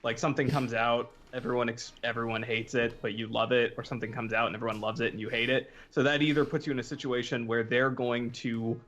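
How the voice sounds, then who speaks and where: Measured, thoughtful podcast man. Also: medium pitch, flat delivery, fairly bright tone. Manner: measured, thoughtful, hesitant fillers. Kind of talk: casual podcast chat.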